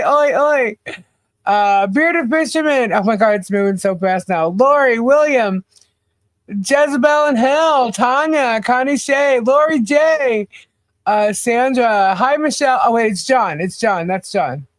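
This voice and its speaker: A woman's voice: a little high, dry recording. A woman co-hosting a casual livestream, chatting and greeting viewers by name with frequent laughs. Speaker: podcast co-host.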